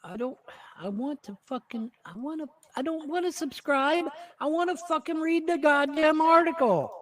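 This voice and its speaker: High-voiced man ranting with lots of cursing. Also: normal speed, fairly bright tone. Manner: angry, cursing, mocking. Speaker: host. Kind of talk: profane political rant.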